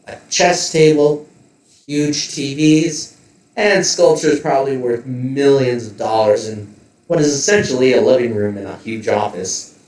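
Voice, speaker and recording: A man running a tabletop game, walking through scenes in vivid detail and tossing in joking asides. He speaks at a middle pitch. The recording sounds roomy, with the mic a little distant. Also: a little mellow. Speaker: game master.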